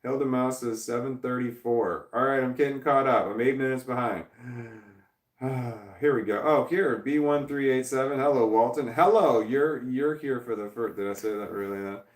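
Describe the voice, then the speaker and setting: A man's voice: medium pitch, recorded from a distance. Rambling man reading live chat. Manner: rambling, halting, frequent restarts. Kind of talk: casual livestream chat. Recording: roomy, off-mic sound.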